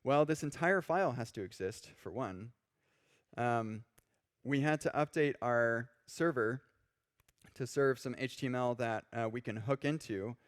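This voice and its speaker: Male conference speaker, casual and animated, live-coding on stage into a stage mic. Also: medium pitch, a little slow. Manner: casual, animated, acts out quoted reactions.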